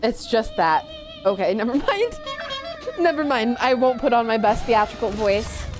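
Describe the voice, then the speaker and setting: A woman's voice: fairly high pitch, sing-song, moderate pace, over music. Chatty young woman streaming games. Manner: chatty, reacts aloud to the game and to chat. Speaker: VTuber streamer. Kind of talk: casual gaming stream chat.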